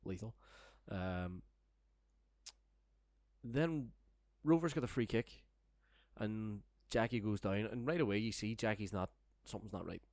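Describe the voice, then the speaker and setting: Low-voiced man telling a tale. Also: measured pace, a little mellow, no echo, studio quality. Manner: rambling, sweary, laughing storyteller. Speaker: storyteller guest. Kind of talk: casual podcast anecdote.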